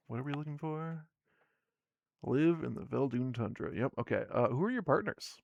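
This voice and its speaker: A man's voice: mid-range voice, lively intonation, normal speed, gravelly, dry recording, clean studio sound. A sleepy man casually narrating his solo tabletop game on a live stream, rambling and self-deprecating as he reads the game text aloud.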